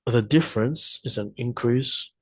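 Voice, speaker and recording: A man with a husky voice talks through a math lesson one step at a time, pausing to think and correcting himself as he goes. His voice sounds dry and close to the mic, with no room echo. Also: medium pitch. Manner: thinking aloud, hesitant, self-correcting. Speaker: math tutor. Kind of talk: explaining math problems step by step.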